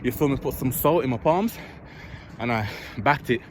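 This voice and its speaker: A man's voice: mid-range voice, expressive, normal speed. A young man vlogging casually from an outdoor park court, chatty and blunt and swearing freely as he talks to his camera. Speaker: fitness vlogger. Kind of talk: casual vlog chat. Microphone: handheld or propped-up camera. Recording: outdoor traffic noise behind. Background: city ambience with passing vehicles.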